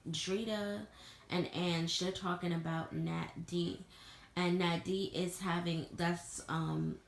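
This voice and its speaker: Young woman, casual TV reviewer, blunt and profane; gravelly voice, roomy echo. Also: lowish voice. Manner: blunt, profane, animated retelling with slang. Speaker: reality TV reviewer. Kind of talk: casual chat. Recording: echoey room with faint ambient noise.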